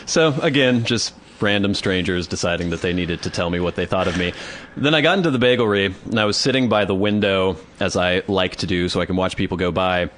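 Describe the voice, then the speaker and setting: A man's voice: deep voice, a little fast, slight background noise. A man co-hosting a podcast, telling a story in casual chat and acting out other people's voices. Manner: animated storyteller, acts out voices. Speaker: podcast co-host.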